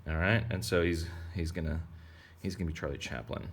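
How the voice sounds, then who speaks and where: Deep-voiced playful man teaching drawing. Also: fairly quick, breathy edge. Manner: rambling, playful, joking asides. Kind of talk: casual drawing tutorial for kids.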